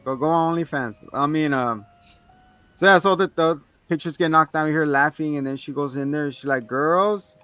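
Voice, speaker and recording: A man with a bright, slightly high voice runs through a horror movie scene by scene. His telling is animated and loose, full of swearing and asides. Soft music plays underneath. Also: fairly quick, clean tone, dry recording. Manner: animated retelling of film scenes, frequent laughs and swearing. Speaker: podcast co-host. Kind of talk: casual movie-review banter.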